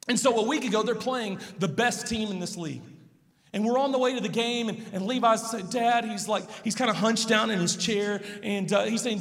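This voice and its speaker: Pastor, male, high voice, earnest conversational sermon delivery, long reverb of a large hall. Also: normal speed, fairly bright tone. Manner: earnest, conversational preaching with personal stories.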